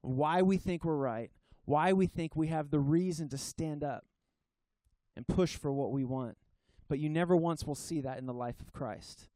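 A pastor preaches a sermon at a church service, earnest and emphatic, slowing on key phrases and sometimes restarting sentences. His voice is a little high and warm, with no room sound.

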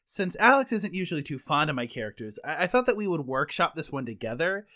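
A man's voice: fairly high pitch, sing-song, fast, bright, forceful tone. A man co-hosting a comedy podcast, talking in an eager, playful way. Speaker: podcast co-host.

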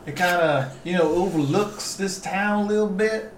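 A man's voice: on the high side, sing-song, measured pace, reverberant, a little hiss or hum. A man voicing a drunk, sleazy male town magistrate who drawls and slurs his words. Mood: rambling. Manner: slurred, boastful drawl.

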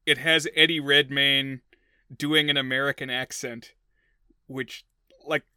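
A man co-hosting a casual film podcast, chatty and joking, with quick asides. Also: mid-range voice, little pitch movement, sharp tone, smooth, no room sound, clean studio sound. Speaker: podcast co-host.

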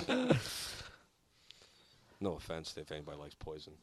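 A man's voice: low-pitched, wildly swooping pitch, normal speed, gravelly, long pauses, a little hiss or hum. A man hosting a radio show, chatting casually in a rambling, self-mocking way with frequent swearing and laughter. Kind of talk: casual chat.

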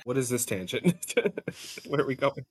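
A man's voice: medium pitch, lively intonation, a little slow, slightly rough, no echo. A man co-hosting a podcast with playful, teasing banter. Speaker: podcast co-host. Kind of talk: casual chat.

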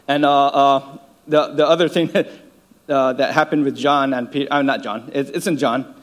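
A man preaching an informal sermon, earnest and halting, with many repeated words and fillers and chuckles between phrases. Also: mid-range voice, fairly even intonation.

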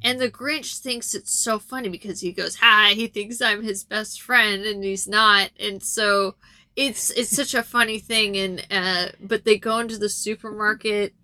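A woman's voice: medium pitch, fairly even intonation, moderate pace, sharp tone, no room sound. A woman retelling a film's plot in a casual, rambling chat with frequent ums. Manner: chatty and rambling, lots of ums.

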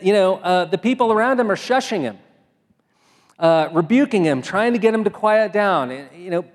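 A man's voice: fairly high pitch, darkish tone, in a large hall. A man preaching a sermon as pastor, talking in a conversational way with frequent fillers and restarts.

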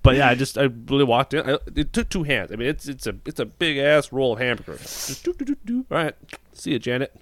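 Fast-talking male podcast host, profane and rambling, recorded dry and close. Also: medium pitch, sing-song, a bit bright, no room sound. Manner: rambling, profane storytelling with frequent restarts. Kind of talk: casual chat.

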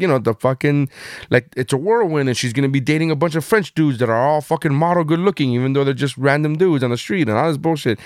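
A man's voice: mid-range voice, brisk, no room sound. Profane man telling stories, dry sound. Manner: profane, animated storytelling. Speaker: podcast co-host. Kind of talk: casual chat.

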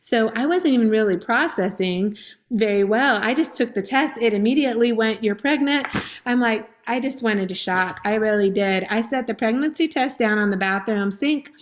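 A woman's voice: fairly high pitch, moderate pace. A woman in her forties telling her personal story as a guest on a faith-based talk show, earnest and emotional. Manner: earnest storytelling, laughing and tearful at times. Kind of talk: personal testimony in a faith interview.

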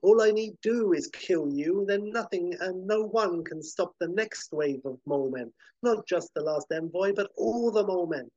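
A man's voice: sits high, animated, normal speed, a little mellow, dry recording, dull audio, voice pushed up. A man ranting as a pompous brain-domed villain. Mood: gloating. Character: grandiose male mad-scientist villain, brain in a dome.

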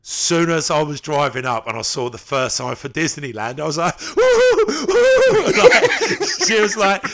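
A man's voice: on the high side, lively intonation, fairly quick, a crowd in the background. A man, a podcast co-host telling stories in casual, slangy chat and laughing often.

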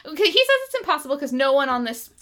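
A playful woman co-host with a high voice that swoops with lively intonation. Her tone is very bright, and she jokes and laughs easily in casual chat. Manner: playful, jokey, quick to laugh. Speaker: podcast co-host. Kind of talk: casual chat recapping an episode.

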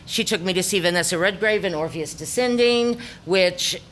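Middle-aged woman, Ozark accent, lower voice, reflective storyteller with ums, faint room hum. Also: moderate pace, a bit bright. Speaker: theater director. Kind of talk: personal talk to an audience.

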